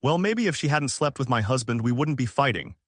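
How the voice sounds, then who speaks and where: A man's voice: medium pitch, lively intonation, a little fast, husky, dry recording, clean studio sound. A man voicing a betrayed young woman who pleads and protests indignantly. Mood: upset.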